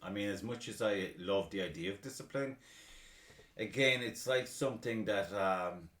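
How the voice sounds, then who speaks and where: A man's voice: lowish voice, normal speed. A man hosting a podcast, chatting casually, swearing freely and mocking himself. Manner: swears freely, animated and self-mocking, with frequent laughs. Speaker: podcast host. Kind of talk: casual chat. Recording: roomy echo.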